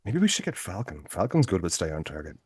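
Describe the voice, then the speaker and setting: A man's voice: low voice, big pitch swings, fast talker, a little mellow, husky, no echo. A man co-hosting a casual podcast chat. He rambles, corrects himself and swears freely. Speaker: podcast co-host.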